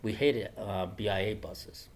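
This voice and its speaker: Older man telling stories, halting. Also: on the low side. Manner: hesitant, many fillers and restarts. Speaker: guest speaker. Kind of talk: personal storytelling to a class. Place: classroom.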